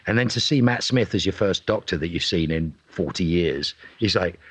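A man, an actor being interviewed, telling animated stories and acting out what people said. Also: deep voice, normal speed, breathy edge. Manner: animated, acts out quotes in voices. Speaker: actor guest. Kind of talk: casual interview storytelling.

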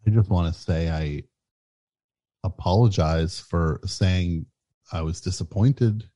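Male comedy host, deep and mellow, halting and over-apologetic. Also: dry recording. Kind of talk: comedy call-in radio.

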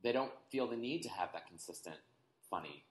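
A man's voice: fairly low pitch, expressive, fairly quick. A man on a podcast, casually explaining things at length in a knowledgeable way, with many fillers. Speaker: podcast co-host. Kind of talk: casual chat. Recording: echoey room with faint noise.

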